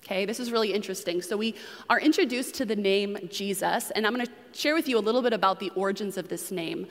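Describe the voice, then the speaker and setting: A woman from New England delivers a sermon in a relaxed, explanatory way and turns to her listeners with questions now and then. Her voice sits at an ordinary middle pitch for a woman. A long reverb trails off each phrase, as in a large church. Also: fast. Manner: conversational teaching, asks the congregation questions. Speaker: preacher.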